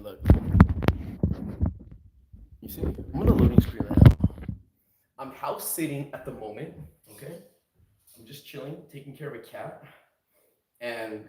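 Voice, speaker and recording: Laid-back profane streamer in a roomy room. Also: male voice, medium pitch, mellow, recorded from a distance. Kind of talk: casual late-night stream chat. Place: house, indoors, at night.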